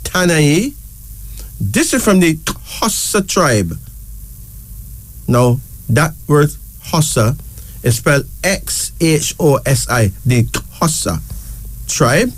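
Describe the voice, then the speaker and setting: A man hosting a casual talk show, slowly spelling out each name letter by letter and repeating words for emphasis. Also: a little high, very animated. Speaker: show host. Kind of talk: casual talk presenting names.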